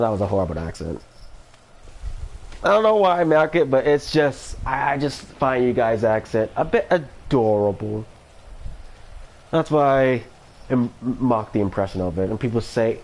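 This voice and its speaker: A man's voice: mid-range voice, expressive, moderate pace, a little mellow. A man from Florida chatting casually on a livestream, rambling and hesitant, with many fillers and restarts. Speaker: streamer.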